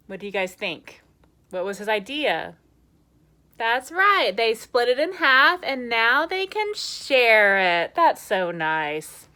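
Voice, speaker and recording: Woman teacher, slow gentle delivery, bright voice, encouraging, reads aloud to young children. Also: on the high side, big pitch swings. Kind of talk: reading a picture book and teaching letters to children.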